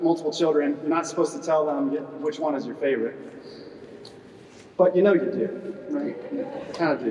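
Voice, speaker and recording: A middle-aged man speaking from a podium in a large hall, joking with the crowd and scattering "uh" fillers through his speech. His voice sits a little high for a man and sounds distant. The recording carries a long, roomy echo with faint ambient noise. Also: darkish tone. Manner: joking, chatty, with frequent "uh" fillers and audience banter. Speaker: squadron commander presiding at a retirement ceremony. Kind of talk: humorous ceremony speech.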